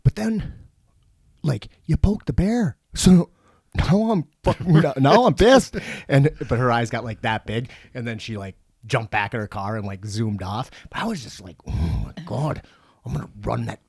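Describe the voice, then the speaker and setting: A man co-hosting a podcast, telling stories in casual, profane, animated chat. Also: mid-range voice, moderate pace, creaky, slightly rough, no echo, clean studio sound. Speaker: podcast co-host.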